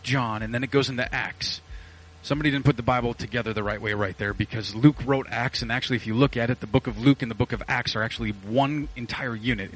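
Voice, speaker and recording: A male pastor, preaching a casual, animated sermon with slang asides into a mic in a church. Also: medium pitch, a little hiss or hum, poor audio. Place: church sanctuary. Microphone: handheld or headset mic.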